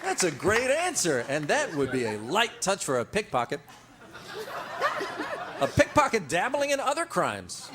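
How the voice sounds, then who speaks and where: A man hosting a comedy game show, exclaiming and reading out questions with animated delivery, in a TV studio with a live audience. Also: sits high, a little slow, a loud crowd. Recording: loud studio audience laughter and noise.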